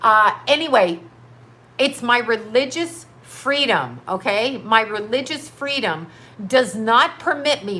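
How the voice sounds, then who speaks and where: A woman in her fifties on a livestream, pouring out an emphatic, profane rant with one rhetorical question after another. Her voice sits a bit high and rings bright and forceful. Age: 50s. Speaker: livestream host.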